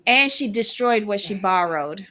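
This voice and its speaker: A woman's voice: mid-range voice, expressive, a little slow, bright, forceful tone. A woman co-hosting a live-streamed recap show, greeting her chat and making blunt, sassy remarks. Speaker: co-host.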